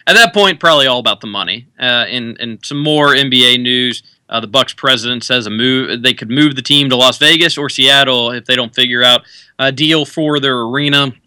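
A man's voice: mid-range voice, brisk, pushed and bright, clear, resonant tone, no room sound. A young man hosting a sports radio show, chatting casually with fillers and restarts. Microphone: studio mic.

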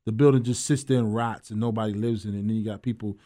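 A man's voice: fairly low pitch, fairly even intonation, fast, warm tone. A man hosting a sports talk radio show, joking loosely and laughing often.

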